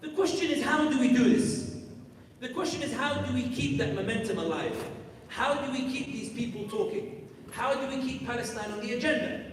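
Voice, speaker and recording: A man's voice: extremely high pitch, normal speed, slight background noise. A man giving an emphatic live talk at a youth conference, firing off rhetorical questions and directing the crowd. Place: large conference hall. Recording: echoey hall from far off.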